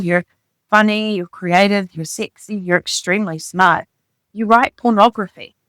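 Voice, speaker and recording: A woman reading the part of an excitable young man who proposes, speaking in an earnest, gushing rush. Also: medium pitch, no room sound, natural voice. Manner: earnest, gushing, rapid declarations.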